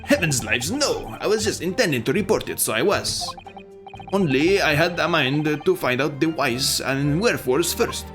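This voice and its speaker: A man's voice: fairly high pitch, animated, normal speed, close to an everyday voice. A man voicing a shrewd middle-aged moneylender in a put-on Irish accent, sly and folksy, over game music. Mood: evasive. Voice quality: folksy, sly, rolling phrases.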